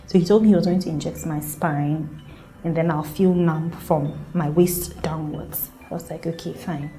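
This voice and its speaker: A woman's voice: low-pitched, steady tone, normal speed, mellow. Young woman telling her birth story. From Ghana. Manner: earnest, emotional retelling with quoted voices. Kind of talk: personal storytelling.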